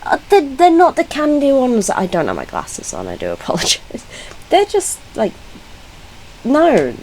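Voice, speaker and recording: A woman's voice: high voice, huge pitch swings, a little slow, a little mellow, slight background noise, rough recording. A British woman giving casual reaction commentary as a YouTuber, chatty and blunt, laughing often and correcting herself mid-sentence. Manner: chatty, blunt and giggly, with frequent self-corrections.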